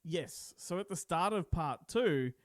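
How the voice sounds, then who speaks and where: A man's voice: fairly high pitch, expressive, unhurried, no room sound, studio quality. A man hosting a podcast, chatting casually about movies and laughing often. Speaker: podcast host.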